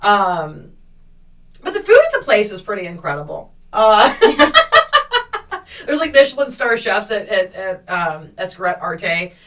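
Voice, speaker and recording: Speaking at a moderate pace in a mid-range voice, a woman co-hosts a podcast from a distant mic. She chats casually through a story, cursing freely and performing people's lines with animation.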